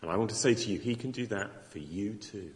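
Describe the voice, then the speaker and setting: A man's voice: fairly low pitch, a little fast. A middle-aged man preaching an evangelistic Christmas sermon, earnest and conversational, voicing imagined objections from his listeners. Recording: long reverb of a large hall.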